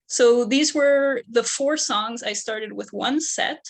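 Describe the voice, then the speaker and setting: A woman's voice: a little high, takes it slowly. A young woman presenting her undergraduate research, methodically explaining each step of her work. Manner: methodical, explaining steps one by one.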